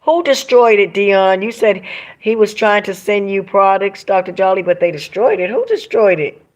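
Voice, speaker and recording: A woman's voice: mid-range voice, normal speed. Emphatic preachy woman livestreaming. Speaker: livestream host reading viewer comments. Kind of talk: emotional livestream monologue.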